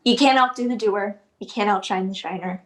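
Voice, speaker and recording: A woman's voice: mid-range voice, fairly quick, roomy sound, recorded from a distance, natural voice. A woman playing a brash 22-year-old female influencer who talks in slang with an affected put-on accent, in a student theatre production. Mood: smug. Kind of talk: student theatre acting, live-stream monologue.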